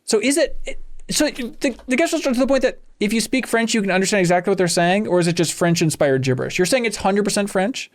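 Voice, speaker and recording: A man's voice: sits high, animated, fast talker. A man hosting a podcast chat, joking around and reading viewer comments aloud. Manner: jokey, reads chat messages aloud. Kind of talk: casual chat.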